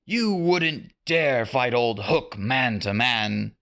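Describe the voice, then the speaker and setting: A snarling, villainous pirate captain, as a storyteller puts him on. He bellows his threats slowly in a raised, strained voice. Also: medium pitch, expressive, vocal fry, fairly bright tone, pitched above the performer's own voice, heavily acted. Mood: menacing. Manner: bellowing, menacing.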